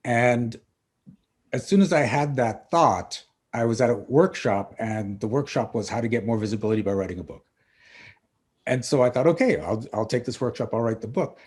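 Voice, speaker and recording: A middle-aged man, a coach and author, guesting on a podcast and telling lively stories, acting out the dialogue. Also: medium pitch, moderate pace, slightly rough. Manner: animated storyteller acting out dialogue. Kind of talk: casual interview storytelling.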